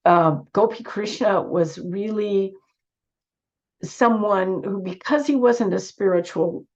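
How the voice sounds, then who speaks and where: A woman giving an earnest online talk with slides, her voice squeaky from a cold and her phrasing full of restarts. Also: dark tone. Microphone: video call. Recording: dull lo-fi video call audio.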